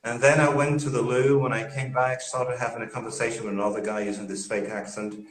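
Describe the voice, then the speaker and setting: Man, native Portuguese speaker, mid-pitched voice, lively storytelling, roomy echoing room. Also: fairly quick. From Brazil. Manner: lively storyteller, chuckles often. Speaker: guest English teacher. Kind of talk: casual live interview. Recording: roomy echo.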